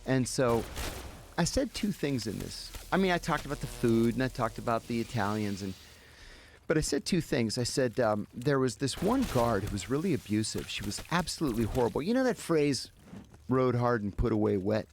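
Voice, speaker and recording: A man, a guest in an interview, telling a story in an animated way and acting out the people he quotes. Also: medium pitch, normal speed, vocal fry, slight background noise.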